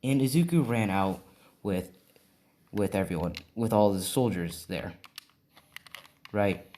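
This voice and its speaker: A man's voice: on the low side, takes it slowly, dark tone. A man improvising a fan story aloud, rambling and adding "right?" after many lines. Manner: rambling, full of fillers and "right?".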